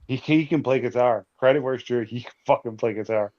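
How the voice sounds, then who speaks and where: A man's voice: mid-range voice, brisk, darkish tone, dull audio, slight background noise. A man co-hosting a podcast, swearing freely and talking emphatically. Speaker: podcast co-host. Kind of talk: casual chat.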